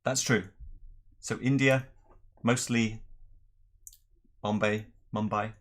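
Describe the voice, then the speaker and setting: A middle-aged man from Northern Ireland, with an accent mixed with English, hosting a relaxed whisky livestream and chatting through viewer questions. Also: on the low side, takes it slowly. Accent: mixed Northern Irish and English. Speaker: whisky channel host. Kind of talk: casual livestream chat.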